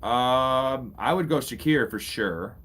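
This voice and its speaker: A man's voice: mid-range voice, lively intonation, slow, fairly bright tone. A young man casually commentating a live fantasy football draft, bantering with his chat and swearing freely. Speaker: fantasy football streamer host.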